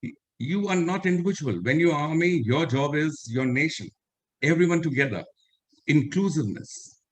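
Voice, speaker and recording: A man's voice: on the high side, expressive, moderate pace. An older man with an Indian English accent, a retired army officer giving an earnest storytelling talk over a video call and repeating the lines he wants to stress. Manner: earnest, quotes others in direct speech, repeats key lines. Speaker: retired army general, webinar speaker.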